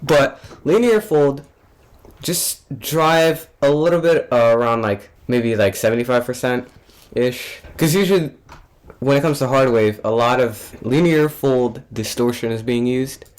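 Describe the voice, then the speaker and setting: A young male producer narrates a tutorial in a relaxed, offhand way, often restarting his sentences and dropping fillers. His voice sits in the middle range for a man. He sounds like he is talking over his own project session. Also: mid-range voice, measured pace. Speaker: music producer.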